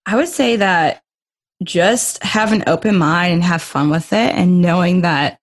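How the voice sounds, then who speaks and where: A woman's voice: on the low side, unhurried. A young adult woman, a masters swimmer guest, telling a story in a casual interview and acting out the quotes. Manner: animated storyteller, acts out quotes.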